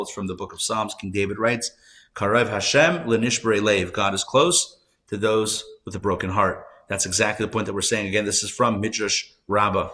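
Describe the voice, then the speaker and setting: A man, a rabbi, teaching a live class, telling stories conversationally with asides and self-corrections, his voice swinging between loud emphasis and soft hushed moments. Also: lowish voice. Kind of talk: live class lecture with storytelling. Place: class room at a community center.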